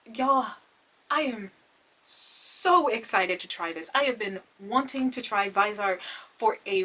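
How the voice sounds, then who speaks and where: A young woman beauty vlogger chats excitedly through an unboxing, gasping, gushing and saying "y'all" a lot. Her voice is medium-pitched and bright, with a forceful tone.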